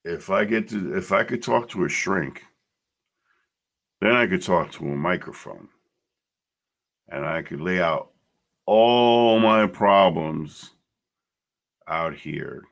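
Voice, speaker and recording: Man, middle-aged, very low voice, gravelly, blunt, emotional, swears, personal podcast monologue. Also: animated, takes it slowly, long pauses. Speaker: podcast host.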